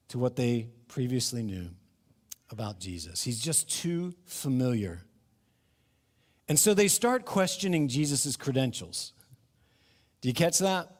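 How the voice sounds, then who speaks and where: A middle-aged man preaching a sermon in a church, animated and acting out the crowd's questions. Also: mid-range voice. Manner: animated, acts out crowd voices, laughs between points. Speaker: pastor. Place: church sanctuary. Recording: long reverb of a hall.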